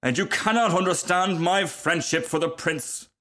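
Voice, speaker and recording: A man's voice: fairly high pitch, normal speed, a bit bright, pitched above the performer's own voice, natural voice. A man putting on a pompous, self-pitying firework rocket. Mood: haughty. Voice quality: haughty, theatrical. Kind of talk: storybook reading.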